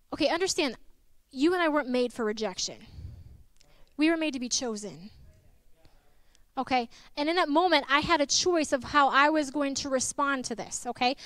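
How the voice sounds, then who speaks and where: A young woman preaching a sermon to her church, lively and personal, telling stories with laughs and asides. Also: high voice, no echo, clean studio sound. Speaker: guest preacher.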